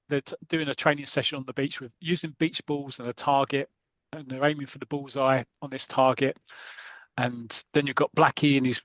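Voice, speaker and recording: A man hosting a podcast, casually retelling a comic story with lively energy and plenty of restarts. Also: medium pitch, no room sound. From Britain. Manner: lively, recounts the comic scene by scene with many restarts. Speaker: podcast host.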